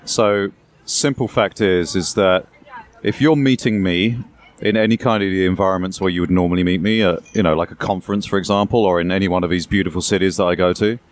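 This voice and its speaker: A man's voice: low-pitched, fairly even intonation, a little fast. An English man being interviewed, explaining things at length in a conversational way with asides and a bit of hyperbole. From England. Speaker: guest.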